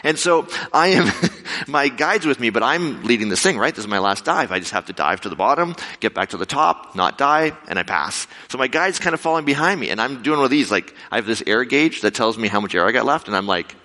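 A man preaching to a congregation, telling a story with a bright, forceful tone and pitch that swings constantly. He acts out quotes with jumps in his voice. The sound carries a long reverb, as in a big hall. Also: lively intonation, a little fast. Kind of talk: storytelling sermon.

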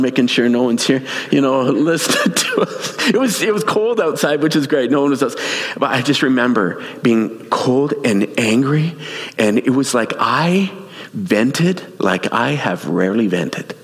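A man preaching a sermon, telling a personal story in an animated way, laughing and restarting his sentences. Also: medium pitch, moderate pace. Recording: long hall reverb.

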